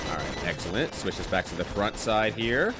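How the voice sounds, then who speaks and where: A man's voice: fairly low pitch, sing-song, moderate pace, heavy background noise. A man chatting casually with his viewers while playing a game, laughing often. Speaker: streamer. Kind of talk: casual gameplay commentary.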